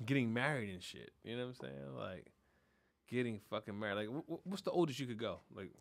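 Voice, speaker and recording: A man hosting a podcast in casual chat, telling animated stories full of cursing and laughter. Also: mid-range voice, fast talker, gravelly. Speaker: podcast host.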